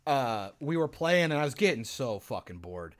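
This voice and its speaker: A young man co-hosting a casual podcast chat, telling stories in an animated, profane way and acting out his own reactions. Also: mid-range voice, normal speed. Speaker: podcast co-host.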